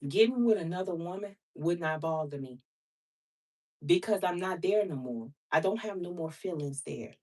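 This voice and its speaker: A woman's voice: lowish voice, animated, normal speed, a little mellow, distant mic. Blunt, outspoken woman tarot reader. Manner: blunt, outspoken and preachy, swears freely; talks to viewers as sister and baby. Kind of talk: casual vlog chat to viewers.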